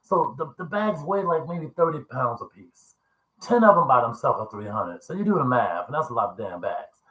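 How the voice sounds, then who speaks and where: Chatty, bright-voiced man in an echoey room. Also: medium pitch, lively intonation, normal speed. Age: 50s. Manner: rambling, laughing, chatty, quotes people with coarse language. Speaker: vlogger. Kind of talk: casual storytelling vlog.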